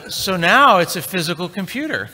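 A middle-aged man on stage, a bit high-pitched, with a bright and forceful voice. He tells a tech story in a chatty, joking way and talks straight to the audience. His voice rings with the long reverb of a large conference hall. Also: big pitch swings, moderate pace. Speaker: conference speaker. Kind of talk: live tech talk, anecdotal storytelling.

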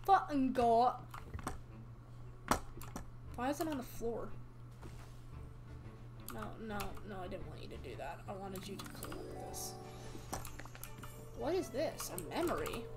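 Lively-voiced woman streaming a game. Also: fairly high pitch, takes it slowly, long pauses, loud music behind the voice. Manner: chatty, reads game text aloud, talks to herself. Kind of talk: casual gameplay commentary.

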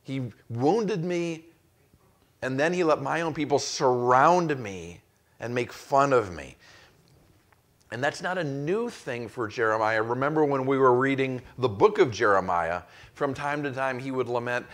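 A man's voice: medium pitch, animated, a little slow, a bit bright. A male pastor preaching an expository sermon, acting out the quoted voices with rising intensity. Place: church.

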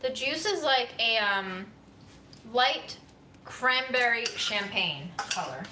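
A woman's voice: on the high side, lively intonation, takes it slowly, distant mic, noisy background. Playful woman chatting from across a kitchen. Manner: playful, effusive, descriptive. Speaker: cooking vlog co-host. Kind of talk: casual chat. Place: home kitchen. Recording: echoey kitchen, off-mic, clattering dishes.

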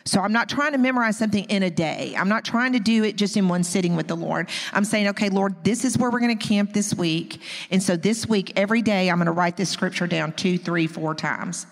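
A woman's voice: mid-range voice, brisk, few pauses. A woman in her fifties delivers a heartfelt teaching message at a women's gathering. Her tone is earnest and personal, with easy asides to the audience. Her mid-range voice rings through a large hall with a long, trailing reverb. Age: 50s. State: close to tears. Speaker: women's ministry speaker.

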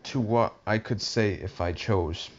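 A man's voice: fairly low pitch, a little slow, slight background noise, close to an everyday voice. A man voicing a bossy, moralizing old duchess in a storybook reading. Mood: preachy. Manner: moralizing, fussy. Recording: dull lo-fi recording.

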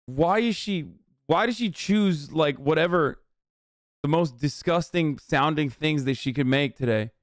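A male streamer reacting on a live stream, speaking in a smooth, clear voice with no room sound at all. He rambles through fillers and swears freely as he comments. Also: a little high, a little slow, no room sound. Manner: profane, animated, rambling with many fillers. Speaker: streamer reacting to a cooking show.

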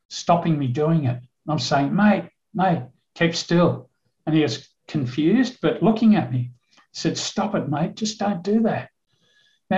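Older aussie guy preaching in church, a bit high voice, echoey dull sound. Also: a little mellow. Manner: vivid storytelling, acts out dialogue in his telling. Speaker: guest preacher, retired police officer. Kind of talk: sermon storytelling.

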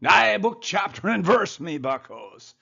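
A man's voice: high-pitched, expressive, measured pace, gravelly, bright, forceful tone, dull audio, pitched above the performer's own voice, heavily acted. A man putting on a boisterous old Scots-Irish preacher with a folksy, hearty manner and a put-on Scots-Irish accent. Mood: jovial. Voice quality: hearty, calls listeners "me buckos".

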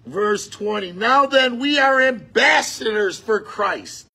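High, husky-voiced male preacher. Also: big pitch swings, slow pace. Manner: conversational preaching, bursts into shouting. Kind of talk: sermon.

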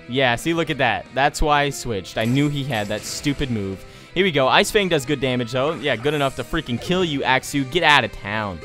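A man commentating his own game playthrough at a middling pitch, joking and getting excited as he talks to his viewers. Faint game music plays behind his voice. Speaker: let's play host.

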